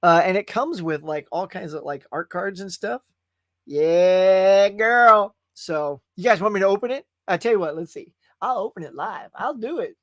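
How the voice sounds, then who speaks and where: A man's voice: sits high, lively intonation, brisk, few pauses, no room sound, studio quality. A man hosting a live movie chat stream, casual and folksy, chatting straight to his viewers. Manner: chatty and folksy, often calls viewers "y'all".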